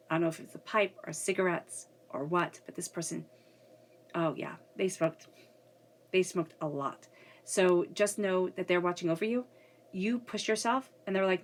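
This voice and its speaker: A woman's voice: fairly low pitch, measured pace, pauses often. A woman giving a casual spiritual reading who is coming down with a cold and speaks earnestly, often repeating herself and checking in with "okay?". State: getting a cold. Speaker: tarot reader.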